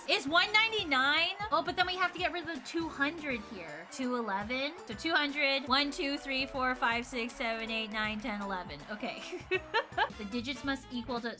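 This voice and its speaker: A young woman streaming a puzzle game, excitable and thinking aloud as she goes, often counting under her breath. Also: high voice. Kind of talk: live game stream chat. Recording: background music under voice.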